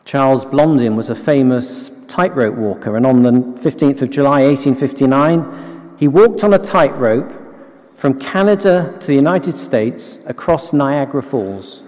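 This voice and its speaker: A man preaching a sermon in a slow, measured, earnest way, repeating key phrases. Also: mid-range voice, darkish tone, in a large hall.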